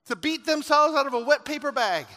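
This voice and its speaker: A man preaches in a very high, bright, forceful voice. He tells folksy stories and then rises to shouted exhortation. A long reverb trails through the large church hall. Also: animated, brisk. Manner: storytelling that builds to shouted preaching. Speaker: pastor. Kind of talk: sermon.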